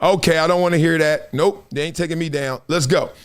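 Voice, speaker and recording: A middle-aged man from Compton, hosting a livestream and telling stories in slangy, animated talk. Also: a little high, a little fast, clean tone. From Compton, Los Angeles. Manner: storytelling, slangy, acts out others' voices. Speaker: host.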